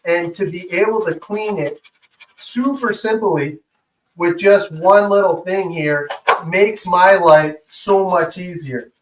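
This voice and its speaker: An enthusiastic man talks his way through a hands-on demo, full of fillers and chatty asides. His voice sits a little high and comes from some distance off the mic, with a noticeable room echo around it. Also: slow, slight background noise. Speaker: co-host. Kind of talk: casual show-and-tell demo. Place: indoor workshop room. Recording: roomy echo, far from mic.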